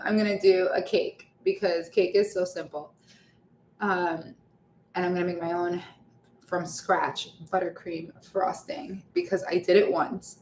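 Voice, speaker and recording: A woman talks casually to her live audience while she bakes, laughing often and drifting off mid-thought. Her voice is mid-pitched and rings around a bare home kitchen. A faint hum of room ambience sits underneath. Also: reverberant. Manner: chatty, laughs often, trails off with fillers. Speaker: vlogger baking on a livestream. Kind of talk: casual chat while baking.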